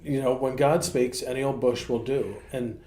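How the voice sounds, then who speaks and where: A man, a pastor co-hosting a casual ministry podcast, telling folksy stories with animated asides. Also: medium pitch, normal speed, roomy sound. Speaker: pastor, co-host.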